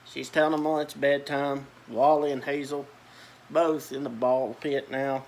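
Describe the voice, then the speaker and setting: A man's voice: medium pitch, level tone, unhurried, slight background noise. A man reading a children's picture book aloud, with chatty asides about the pictures. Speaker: storyteller.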